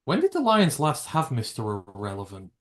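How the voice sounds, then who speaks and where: A man's voice: on the high side, wildly swooping pitch, a little fast. A British man hosting a live reaction stream, rambling and jokey, with casual swearing. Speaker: livestream host.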